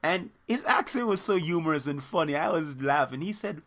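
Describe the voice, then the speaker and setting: Bright-voiced man telling a story. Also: a little high, a little fast, hardly any pauses. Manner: animated, rambling, with many fillers and quoted voices. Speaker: soccer coach and channel host. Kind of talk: casual storytelling to camera.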